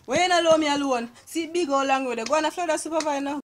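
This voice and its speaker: A woman's voice: high-pitched, quick pace. A woman with a Jamaican accent, brash and teasing in a short comedy sketch. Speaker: comedy vine creator.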